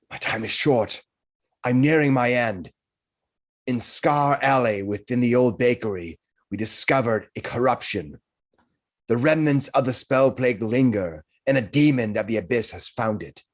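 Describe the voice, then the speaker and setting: Booming slow messenger voice, grave n dying, thru a little cat as the dm puts it on. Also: male voice. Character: dying male messenger speaking through a cat.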